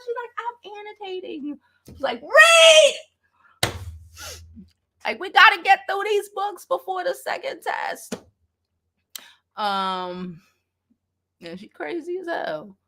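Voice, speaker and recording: A woman's voice: fairly high pitch, sharp tone. A middle-aged woman chatting casually on a gossip livestream, loose and profane, often laughing. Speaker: celebrity gossip vlogger.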